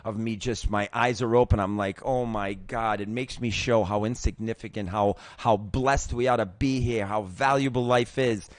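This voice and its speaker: A middle-aged man hosting his own show tells a personal recovery story in a casual, emotional, profane way, acting out the other people's voices. His fairly low voice moves at a moderate pace with hardly any pauses, and there's no room sound.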